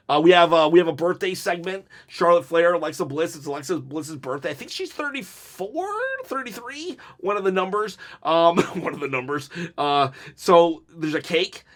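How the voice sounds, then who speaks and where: A man with a fairly high voice chatters through a wrestling review. He is jittery from caffeine and rambles with jokey asides and bursts of laughter. The talk is loose and excitable, never scripted. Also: normal speed. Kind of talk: casual solo review talk.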